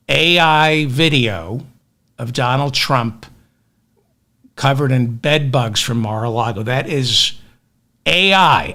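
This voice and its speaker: A man hosts a comic news podcast, delivering sardonic, exasperated rants into a webcam. His pitch is a little high and swoops in a lively way, and his tone is bright and sharp. He talks slowly and deliberately. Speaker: podcast host. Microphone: webcam with automatic tracking.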